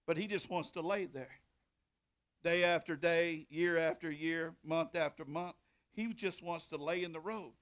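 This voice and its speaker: Middle-aged man, high-pitched pastor; folksy sermon delivery with slow dramatic reading and loud hollers. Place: church sanctuary.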